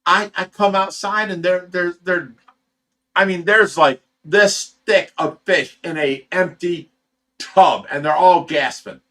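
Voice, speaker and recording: A man's voice: high voice, slow, pushed and bright. A man who runs a fish rescue, telling a story on a livestream in a heated, profane way and stammering over repeated words. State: sleep-deprived.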